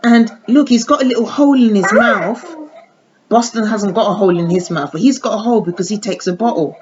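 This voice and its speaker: A woman's voice: medium pitch, brisk, darkish tone. A woman chatting casually while unboxing a baby doll, often cooing to her dolls in sing-song baby talk. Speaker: doll collector vlogger. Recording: dull lo-fi audio with clear background noise.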